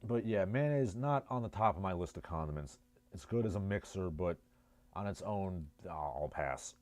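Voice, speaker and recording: Low, mellow New Jersey man. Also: lively intonation, normal speed. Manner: sardonic, rambling asides. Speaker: livestream host. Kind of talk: casual livestream chat, reading chat messages.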